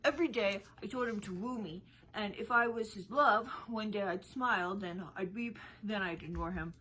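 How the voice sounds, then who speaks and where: A woman's voice: mid-range voice, sharp tone, a little hiss or hum, natural voice, rough recording. A woman reading as an eager, teasing young heroine. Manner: eager, rapid-fire questioning. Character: lively young woman disguised as a youth.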